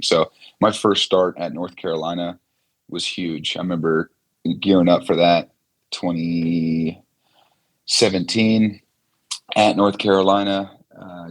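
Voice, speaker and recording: Husky low-voiced young man telling stories. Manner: relaxed, storytelling with many fillers. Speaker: former quarterback, guest. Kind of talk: casual interview.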